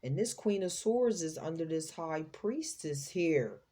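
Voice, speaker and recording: A woman's voice: low-pitched, expressive, measured pace, warm tone. A woman hosting a tarot reading, talking in a chatty, slangy way and exclaiming as she reads the cards. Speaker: psychic tarot reader, host.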